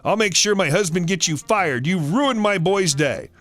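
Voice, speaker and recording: A man voicing an entitled, angry middle-aged woman shopper who talks down to people in a shrill, demanding way. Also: animated, normal speed, a bit bright.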